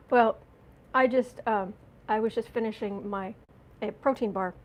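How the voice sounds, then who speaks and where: A chatty American woman with a slightly high voice hosts a casual live stream. She rambles and restarts her sentences, clearing her throat again and again because her nose is running and her eyes are watering. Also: takes it slowly, low-quality recording. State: runny nose and watery eyes after a coughing fit. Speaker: astrology and tarot channel host.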